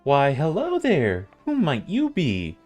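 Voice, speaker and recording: A wry, motherly tavern mistress and guild master, as a man reads her lines aloud. She lingers over her words in a slow, storytelling way, her pitch rising and falling freely. Faint game music plays behind her. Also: wildly swooping pitch, darkish tone, heavily acted. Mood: welcoming. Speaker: streamer reading game dialogue aloud.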